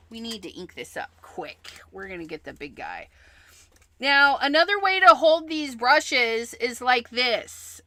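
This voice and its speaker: A woman's voice: medium pitch, sharp tone. A woman hosting a craft livestream, chatting casually as she explains each step she works on.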